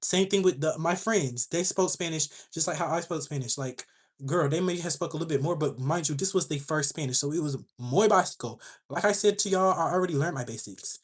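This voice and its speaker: A young woman hosting a livestream, telling a story to her chat in a sassy, animated way. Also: low voice, a little fast, slightly rough. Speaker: livestream host.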